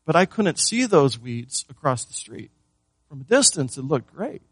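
A man's voice: on the high side, sing-song, moderate pace, slightly rough. Earnest guy pastor giving a sermon, asks the crowd stuff, dry sound, no echo. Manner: earnest, repeats words, asks the crowd questions.

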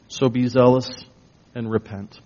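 Slow, emphatic male pastor preaching. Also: mid-range voice, fairly even intonation, a little mellow. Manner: slow, emphatic preaching with rising bursts of intensity. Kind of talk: sermon. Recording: dull lo-fi recording.

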